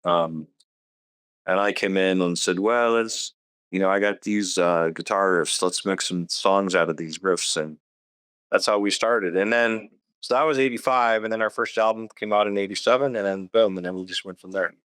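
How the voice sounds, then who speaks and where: A man, a band's guitarist, telling the band's history in a relaxed, rambling way with many fillers. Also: low-pitched, normal speed, smooth, no room sound. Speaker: band guitarist. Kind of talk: casual interview.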